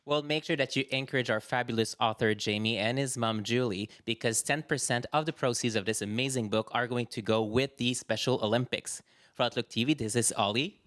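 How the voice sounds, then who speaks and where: A man's voice: medium pitch, fairly quick, a bit bright, no room sound, clean studio sound. A man hosting a segment on a community TV show, upbeat and enthusiastic. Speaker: show host and reporter.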